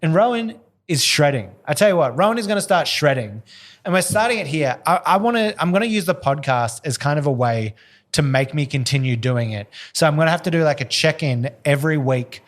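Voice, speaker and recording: A man co-hosting a casual podcast, talking in a chatty, relaxed way with lots of "kind of" fillers. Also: a little high, fairly quick. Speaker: podcast co-host.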